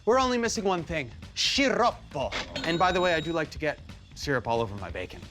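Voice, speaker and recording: A man hosting a cooking show, playful and theatrical, joking as he cooks and swinging between high exclaims and low asides. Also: very animated, fairly quick, sharp tone. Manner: theatrical, jokey, big swings in pitch. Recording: light background music.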